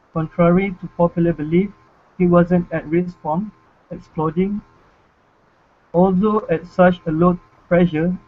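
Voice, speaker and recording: A man in an online English class reads a passage aloud with care, stopping now and then to fix a word. His voice is a little high. The call sounds thin and phone-like. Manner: careful reading with small restarts. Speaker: language student. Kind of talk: reading a text aloud in class. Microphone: video call. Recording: tinny phone-like call audio.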